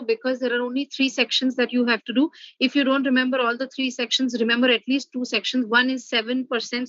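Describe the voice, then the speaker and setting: Bright, high-voiced woman lecturing. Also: no echo, dull audio. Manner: explains step by step, with filler "uh" and "okay". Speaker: professor. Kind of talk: online revision lecture.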